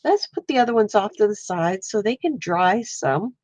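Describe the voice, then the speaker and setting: A woman's voice: medium pitch, animated, moderate pace, darkish tone, no echo. A woman hosting a casual watercolour livestream, stuffy-nosed, chatting with viewers while she paints. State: stuffy nose. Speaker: livestream host. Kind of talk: casual live art stream.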